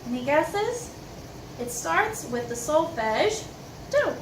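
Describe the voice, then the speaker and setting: A woman teaching an elementary music lesson, gently encouraging and breaking into sung solfege and rhythm syllables, with a piano in the room. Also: sits high, sing-song, slow pace, background noise. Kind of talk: recorded music lesson for children. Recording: roomy echo, far from mic, piano music.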